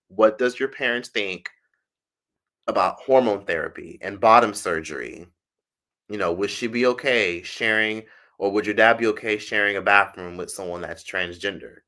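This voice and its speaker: An American man talks through his live chat in a loose, profane, chatty way. His voice sits low yet bright and forceful. He laughs often between comments. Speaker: streamer reading live chat. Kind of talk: casual livestream chat. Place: indoors in Algeria.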